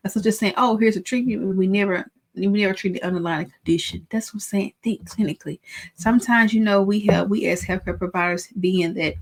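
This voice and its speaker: A young adult woman with a Southern country accent, coaching pharmacy students in a fast, excitable, chatty way. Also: fairly low pitch. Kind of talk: casual teaching talk to camera.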